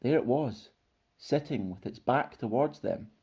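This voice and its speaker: Lively mellow-voiced male storyteller. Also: medium pitch, unhurried, slightly rough. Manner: expressive, lively narration. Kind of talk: children's story reading.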